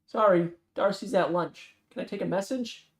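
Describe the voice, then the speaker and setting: A reader voicing a gruff middle-aged man with a Boston accent answering a shop phone in a novel read aloud. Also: mid-range voice, moderate pace, roomy sound, pitched above the performer's own voice, natural voice. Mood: brisk.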